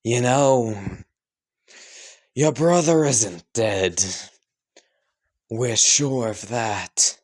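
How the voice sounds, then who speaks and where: A man whispering as a sinister voice in the dark. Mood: menacing. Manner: slow, low, menacing whisper. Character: sinister unseen whisperer in a cupboard.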